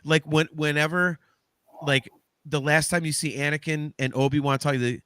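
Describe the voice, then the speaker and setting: A man chatting as a guest on a movie watch-along, gushing and tripping over his words with excitement. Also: fairly high pitch, normal speed, clear, resonant tone, no room sound. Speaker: podcast guest.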